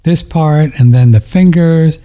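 A man's voice: a little high, unhurried, warm tone. A man telling a story in a casual chat on a studio mic, rambling, emotional and tender, often laughing.

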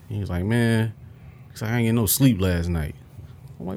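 A man's voice: lowish voice, fairly quick, gravelly, pauses often, darkish tone, a little hiss or hum. A man, co-hosting a podcast in casual chat, teasing his partner and bursting into laughter. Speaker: podcast co-host.

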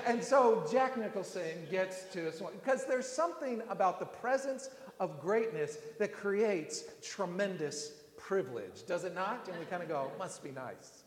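A man preaching a sermon, winding through a story with fillers and false starts. His voice sits a bit high for a man. The sound is roomy, with a long hall echo trailing behind each phrase. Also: lively intonation, a little slow, few pauses. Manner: rambling anecdotes with frequent restarts and fillers. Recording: echoey hall with long reverb.

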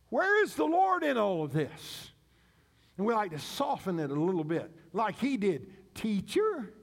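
A man preaching a sermon as pastor, with dramatic pauses and acted-out cries. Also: extremely high pitch, gravelly, fairly bright tone.

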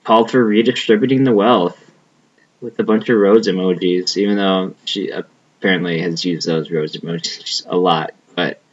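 A young man with a somewhat low voice talks loosely in a casual podcast chat. He rambles, swears freely and leans on filler words, often trailing off mid-thought. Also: fairly even intonation, normal speed, husky, dull audio. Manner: rambling, profane, trailing off with lots of "like".

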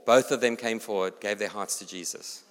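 A man's voice: fairly low pitch, steady tone, a little fast. A man with a South African accent preaching a sermon, telling a personal story and speaking directly to the congregation. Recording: long hall reverb.

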